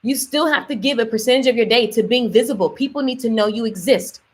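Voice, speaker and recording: A woman business coach talking on a live stream, energetic and emphatic, repeating key lines and reading out viewer comments. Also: a little high, fast, slightly rough.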